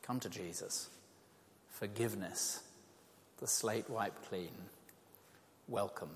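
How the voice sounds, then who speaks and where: A man's voice: fairly low pitch, slow, a little hiss or hum. An older man giving an evangelistic talk to an audience, conversational and self-deprecating, telling stories with animation. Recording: reverberant hall.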